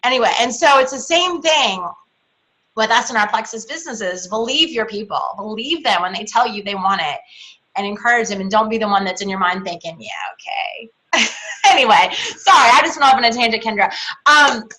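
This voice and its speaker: A woman's voice: on the high side, expressive, fairly quick, bright, forceful tone, rough recording. A middle-aged woman hosting a team call, chatty and emotional, rambling through a story. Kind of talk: casual team call chat.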